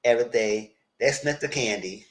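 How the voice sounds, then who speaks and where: Here a man of medium pitch and normal speed, a TV show reviewer, recaps a TV episode live and casually. Talking straight to his audience in a chatty way, he brings the story to life by acting out the characters' lines in quotes.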